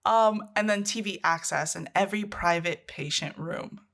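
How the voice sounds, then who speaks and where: A woman's voice: fairly low pitch, moderate pace, fairly bright tone. A Canadian woman co-hosting a podcast, telling a story in casual chat, laughing often and swearing freely. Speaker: podcast co-host.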